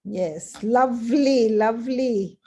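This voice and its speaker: A woman hosting a speaking session, gentle and effusive as she hands over to speakers. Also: a little high, slow pace. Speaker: session host. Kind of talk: moderating a video call.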